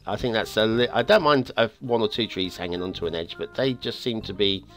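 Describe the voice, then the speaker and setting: A man hosting a game map review show, talking in a casual, rambling way with many restarts, his voice getting a little hoarse. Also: a little fast. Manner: chatty and rambling, with frequent restarts and stammers; lively, swinging pitch. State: voice going hoarse. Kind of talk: casual video game commentary. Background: faint background music.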